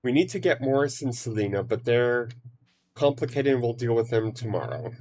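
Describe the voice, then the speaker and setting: A streamer chatting casually through a game, humming little tunes to herself and filling pauses with ums. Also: female voice, rumbling low, lively intonation, a little mellow. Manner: rambling, hums to self, many fillers. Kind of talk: casual gameplay commentary.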